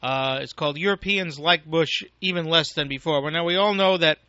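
A man's voice: fairly high pitch, fairly quick, pushed and bright, no echo. An American man giving an angry, profane, rambling political rant as a talk radio host, on a dull lo-fi recording. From United States.

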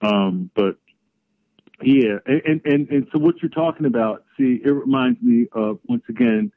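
Rambling middle-aged co-host on a phone line. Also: male voice, mid-range voice, a little slow. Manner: rambling, searching for words. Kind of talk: casual political talk. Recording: tinny phone-line audio.

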